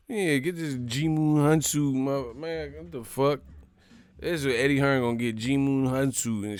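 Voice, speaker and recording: A man doing loose, rowdy boxing commentary on a live stream, swearing and laughing through his slangy banter. His voice sits at a middle pitch, and the sound is dry and close, with no room around it. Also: fairly even intonation, normal speed, darkish tone, smooth, dry recording. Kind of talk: casual boxing commentary with comic impressions.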